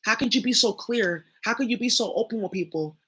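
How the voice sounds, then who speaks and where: Talking a little fast in a fairly high, fairly bright voice with a slight roughness, this young woman addresses her viewers head-on. She's a spiritual reader and channel host, and her casual monologue is emphatic, blunt, and profane.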